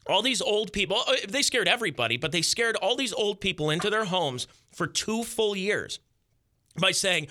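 A man in his thirties with a very bright, sharp tone and a slightly high pitch talks as a podcast guest. He rants angrily, with heavy sarcasm. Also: big pitch swings, normal speed. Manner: angry, ranting, sarcastic. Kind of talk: casual podcast chat.

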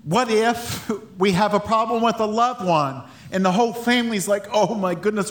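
High-voiced man preaching casually. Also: a bit bright. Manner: conversational, laughs often, halting restarts. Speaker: pastor. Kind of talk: sermon.

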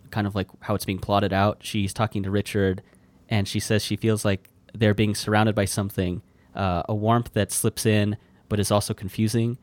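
A man's voice: on the low side, dry recording. An American man co-hosting a podcast, chatting easily about a film and agreeing readily. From United States. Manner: agreeable, quick to laugh along. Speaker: podcast co-host. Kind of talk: casual film discussion.

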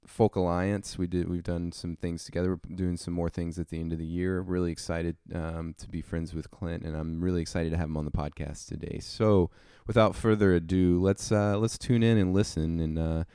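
A man's voice: sits low, steady tone, normal speed, hardly any pauses, mellow, smooth, dry recording, clean studio sound. A man hosting a podcast, chatting casually and rambling, with lots of fillers. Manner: easygoing, rambling with many fillers. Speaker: podcast host.

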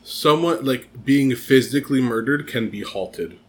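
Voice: medium pitch, unhurried. A podcast co-host in casual chat, playful and teasing, who acts out quotes.

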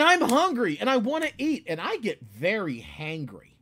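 Animated man in casual chat. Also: high-pitched, normal speed. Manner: animated, bursts into loud ranting put-on voices. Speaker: guest author.

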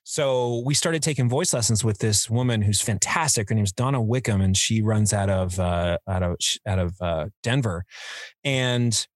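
A man's voice: lowish voice, normal speed, no echo, clean studio sound. A man and voice actor in casual chat, rambling with many fillers. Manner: rambling, filler-heavy storytelling. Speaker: podcast co-host and voice actor.

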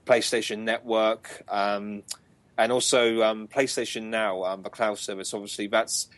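A man's voice: on the low side, flat delivery, unhurried, fairly bright tone, dry recording. Chatty British man, dry close mic. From Britain. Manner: chatty, laughing, many ums. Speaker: podcast host. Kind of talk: casual podcast chat.

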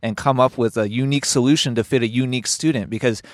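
A man's voice: medium pitch, steady tone, fast talker, no room sound, clean studio sound. A man hosting a casual chat about coaching, rambling and thinking aloud.

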